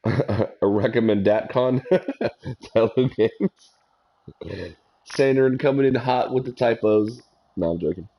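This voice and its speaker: A man's voice: medium pitch, takes it slowly, pauses often, dull audio. A man streaming a video game, chatting casually and griping with a lot of swearing. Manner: profane, exasperated griping. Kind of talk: casual gameplay commentary.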